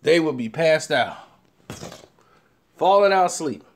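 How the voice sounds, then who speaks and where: Guy telling a story, laughs a lot, high lively voice jumping all over. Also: measured pace. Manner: laughs often, acts out quoted voices. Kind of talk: casual storytelling chat.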